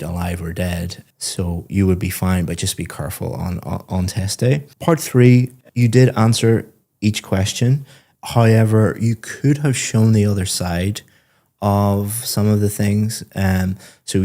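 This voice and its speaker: A man acting as a speaking-test examiner, asking questions and then giving a student measured, encouraging feedback. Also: low-pitched, mellow. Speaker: IELTS examiner and teacher. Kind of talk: exam questions and spoken feedback.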